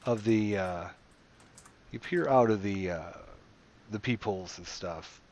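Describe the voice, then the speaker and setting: A man narrating a tabletop game as game master, relaxed and rambling, with many fillers. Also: lowish voice, unhurried, slight background noise.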